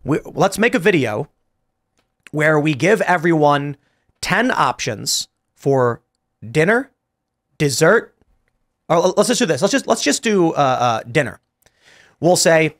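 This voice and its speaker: A man hosting a podcast panel, arguing points in an animated, storytelling way with frequent restarts. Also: fairly high pitch, a little slow, pauses often. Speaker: podcast host. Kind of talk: casual panel debate.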